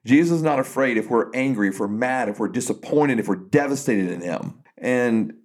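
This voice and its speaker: A man's voice: medium pitch, moderate pace. A man co-hosting a podcast, chatting casually about faith and retelling a story with frequent restarts. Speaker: podcast co-host.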